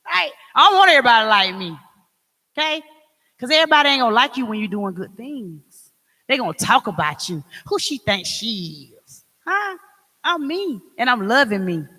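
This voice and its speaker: A woman's voice: a little high, big pitch swings, fairly quick, bright, forceful tone. Emphatic woman speaking in an echoey hall. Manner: emphatic, preacherly, call-and-response asides. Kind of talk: motivational talk to an audience.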